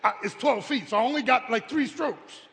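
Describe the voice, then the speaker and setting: A man preaching a humorous, animated storytelling sermon at a live service, calling out to the congregation. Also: extremely high pitch, a little fast, vocal fry, in a large hall. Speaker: pastor. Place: church sanctuary, live service.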